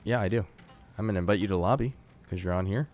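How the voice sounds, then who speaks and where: A man's voice: on the low side, fast, darkish tone. Chatty man hosting a live tournament stream. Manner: chatty and rambling, with many fillers and restarts; talks straight to his chat. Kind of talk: casual live-stream commentary.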